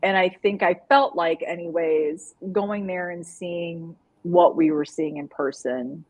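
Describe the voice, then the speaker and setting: A woman's voice: lowish voice, animated, measured pace, a little mellow, poor audio. A woman co-hosting a live online show, chatting casually and animatedly, often laughing and rambling. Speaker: co-host. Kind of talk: casual live-stream chat.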